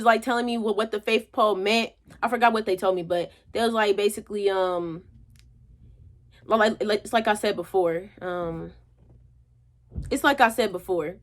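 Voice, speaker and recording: A woman's voice: a little high, a bit bright. A young woman vlogger telling a motivational story in a chatty, colloquial way.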